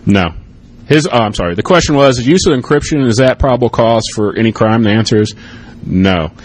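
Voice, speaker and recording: This American man, middle-aged and once a cop, rambles casually through a conference talk and audience questions, often tacking on "okay?" and "you know." He speaks fairly quickly in a slightly rough, mid-range voice with lively intonation.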